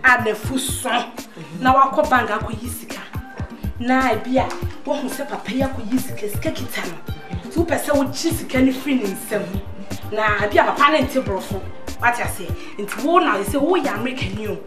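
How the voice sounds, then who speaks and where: An actress playing an excitable, scheming Ghanaian woman who mixes Twi and pidgin English in a film scene. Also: a little high, brisk, close to an everyday voice. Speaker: film character. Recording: echoey room with loud film music.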